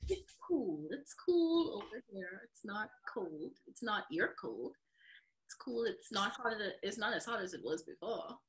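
An animated woman co-hosts a casual podcast, reading trivia aloud and reacting with excited exclamations. Her voice swings widely in pitch and has a bright, crisp edge. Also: a little slow, low-quality recording. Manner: animated, exclaims and laughs easily. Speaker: podcast co-host. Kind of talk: reading wine facts and casual chat.

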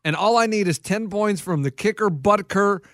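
High-voiced boastful man. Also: moderate pace, a bit bright, dry recording, studio quality. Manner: boastful, frustrated, stammering restarts. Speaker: podcast co-host. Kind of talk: casual sports chat.

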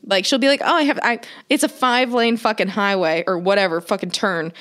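A young woman co-hosting a casual podcast chat, telling stories and acting out quotes in bursts. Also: a little fast. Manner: animated storyteller, acts out quotes with big pitch jumps. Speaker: podcast co-host.

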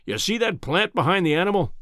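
A man's voice: lively intonation, fast talker, a bit bright, no echo, studio quality. A man voicing a scornful, overbearing male professor of science in a storybook reading. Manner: booming, overbearing, mocking.

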